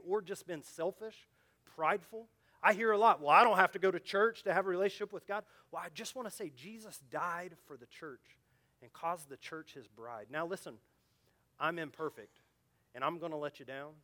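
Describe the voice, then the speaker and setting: A male pastor preaching a sermon, speaking earnestly and directly to his congregation, swinging from loud urgent emphasis to quiet low asides. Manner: earnest, direct appeals to listeners.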